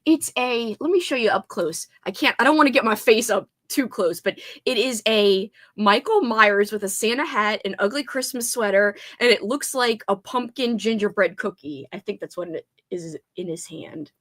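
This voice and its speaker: A woman's voice: mid-range voice, animated, normal speed, few pauses, fairly bright tone. A woman hosting a casual reading livestream, bubbly, greeting viewers by name and laughing often. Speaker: booktube livestream host. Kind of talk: casual live chat with viewers.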